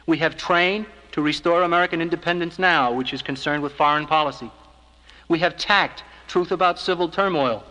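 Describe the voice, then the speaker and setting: A man giving scripted filmstrip narration as an organization's spokesman, in a measured, earnest, persuasive way. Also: a little high, pushed and bright, long reverb tail, poor audio.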